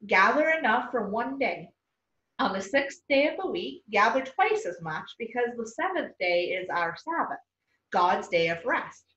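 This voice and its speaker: Woman reading as Moses, a firm, patient man leading his people, lively storybook voice, roomy and distant. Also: fairly high pitch, a little slow. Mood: earnest. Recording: echoey room, far off, dull sound.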